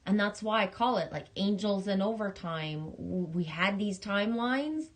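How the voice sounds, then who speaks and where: A woman hosting a casual livestream, reading viewer messages in a halting, rambling way, with many restarts and some swearing and affection for her viewers. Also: mid-range voice, animated. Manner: affectionate, talking straight to viewers. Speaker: livestream host.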